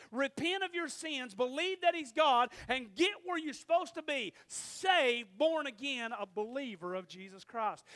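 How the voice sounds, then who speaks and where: A man's voice: extremely high pitch, bright, forceful tone. A male preacher giving a fervent sermon and calling out to the congregation for amens.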